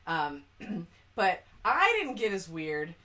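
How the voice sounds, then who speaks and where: A bright-voiced woman chats and tells stories on a podcast, her pitch sitting a little low and swinging widely. She laughs often as she talks. She sounds set back from the microphone. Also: slow. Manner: animated storyteller, often laughing. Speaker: podcast co-host. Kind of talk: casual chat. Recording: distant mic.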